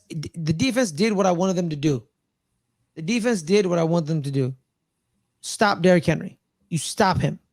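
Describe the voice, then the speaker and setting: A man co-hosting a casual sports podcast, rambling and excitable, often repeating himself. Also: high-pitched, dry recording. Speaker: podcast co-host.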